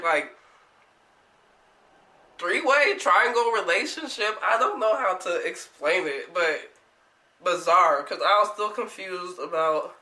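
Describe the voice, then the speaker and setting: A young woman vlogger telling a story in casual chat, animated, laughing often and swearing freely. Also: lowish voice, roomy sound, low-quality recording.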